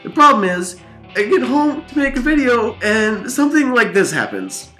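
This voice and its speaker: A man telling rambling gaming stories in a vlog, animated and laughing, his voice jumping up high in the exciting parts, tired. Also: moderate pace, soft background music. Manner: animated, laughing storytelling with big pitch swings. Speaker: vlogger.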